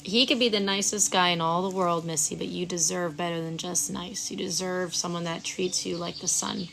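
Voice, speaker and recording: A woman hosting a live Reiki session outdoors. She chats with viewers, stumbles over their names, then gives soft, slow breathing cues. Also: lowish voice, steady tone, gravelly, background noise. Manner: chatty, reads viewers' names aloud and fumbles them. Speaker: Reiki practitioner and stream host. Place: outdoors at sunrise.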